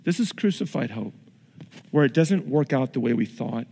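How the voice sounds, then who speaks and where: A man's voice: mid-range voice, expressive, moderate pace, creaky, warm tone, husky. A male pastor preaching a conversational sermon with acted-out asides in a church. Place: church sanctuary. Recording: long reverb in a large hall.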